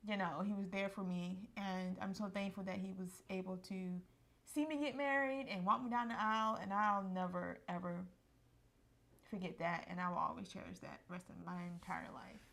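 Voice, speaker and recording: A woman's voice: medium pitch, steady tone, moderate pace, vocal fry, a bit bright. A woman in her thirties chatting casually with her husband as they look back on their wedding, talkative and affectionate, sometimes getting emotional. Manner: chatty, affectionate, emotional at times, frequent laughs. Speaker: co-host of a couple's channel. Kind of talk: casual reminiscing chat.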